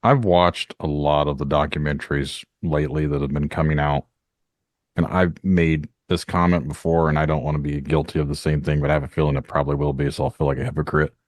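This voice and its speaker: A man's voice: extremely low pitch, little pitch movement, fairly quick, no echo, studio quality. A man from Northern Indiana, hosting a podcast in a rambling, talkative way. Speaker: podcast host. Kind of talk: casual podcast chat.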